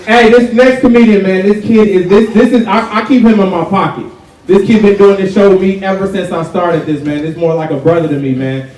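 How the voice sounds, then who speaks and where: A man hosting a college comedy show, loudly hyping the crowd in slangy talk as he introduces the next comedian. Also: sits high, fairly even intonation, a little fast. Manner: loud, slangy hype talk. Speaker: show host. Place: college auditorium before a live audience. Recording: far, echoey hall with crowd noise.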